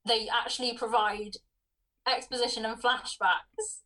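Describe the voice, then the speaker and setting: A woman co-hosting a film podcast, sharing her thoughts casually and pausing to rework her phrasing. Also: fairly high pitch, steady tone, bright, forceful tone, distant mic, rough recording. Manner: thoughtful, with hesitant restarts. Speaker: podcast co-host.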